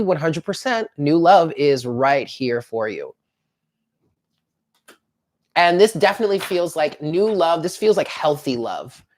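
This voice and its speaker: A woman giving a chatty live tarot reading, talking straight to her viewers in an upbeat way. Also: deep voice. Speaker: tarot reader.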